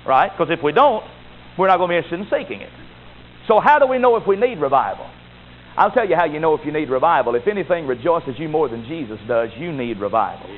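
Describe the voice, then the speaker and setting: A man's voice: a little high, animated, fast. A man preaching a sermon as a Baptist pastor, emphatic and repetitive, building to rising exhortations. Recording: tinny phone-like recording with faint hiss.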